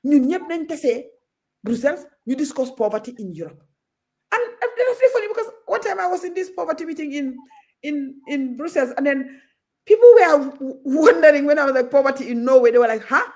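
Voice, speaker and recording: Outspoken Gambian woman, high lively voice. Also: brisk. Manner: outspoken, switches freely between Wolof and English. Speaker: guest. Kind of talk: passionate talk show discussion.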